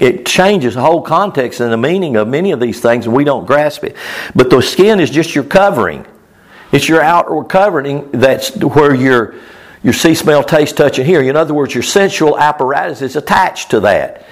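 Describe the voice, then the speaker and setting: A man's voice: medium pitch, expressive, moderate pace. Conversational man preaching a Bible teaching. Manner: informal, repeats phrases, chuckles, addresses the congregation directly.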